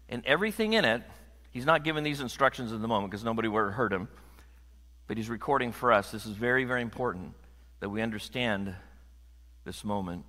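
A man preaching a sermon to a congregation in a conversational, animated way, joking with the room. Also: medium pitch, fairly quick. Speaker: pastor. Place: church sanctuary. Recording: long hall reverb.

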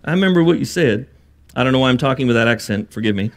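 A man's voice: medium pitch, expressive, very fast. A man preaching a sermon, earnest and building to emphatic bursts, with joking asides. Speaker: pastor.

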